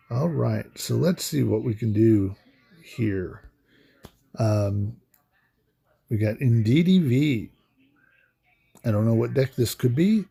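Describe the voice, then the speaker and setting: A man commentating on a card game in a halting, soft-spoken way, with many pauses and fillers. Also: on the low side, gravelly, husky. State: emotional, voice breaking. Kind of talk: casual gameplay commentary.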